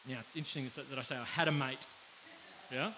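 Bright-voiced Australian male preacher. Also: mid-range voice, fairly even intonation. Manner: conversational, pauses to ask the audience. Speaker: pastor. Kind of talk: sermon. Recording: faint background hiss.

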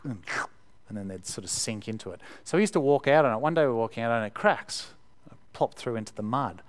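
A man giving a sermon in a relaxed, conversational way, with fillers, repeated words and emphatic stresses. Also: medium pitch, fairly quick. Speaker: preacher.

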